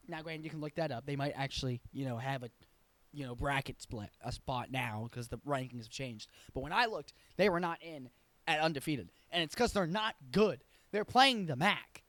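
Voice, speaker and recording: A man talking sports in a casual, rambling way, firing off blunt opinions and correcting himself as he goes. His voice sits a little higher than most men's. The sound is dry and close, with no room echo. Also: brisk, a bit bright. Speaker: sports show host.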